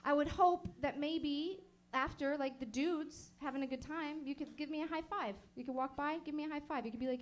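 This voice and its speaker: A woman's voice: sits high, brisk, hardly any pauses. A woman doing a stand-up set, rambling casually and sprinkling "like" through her sentences. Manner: rambling, casual, lots of "like" fillers. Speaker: stand-up comedian. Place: comedy show in a small venue.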